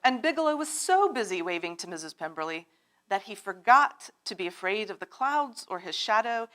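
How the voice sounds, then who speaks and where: A woman reading a picture book aloud to children at a church service, animated and drawing them in with questions. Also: mid-range voice, moderate pace. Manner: animated, asks the children to join in. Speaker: storyteller at a children's time in worship. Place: church sanctuary.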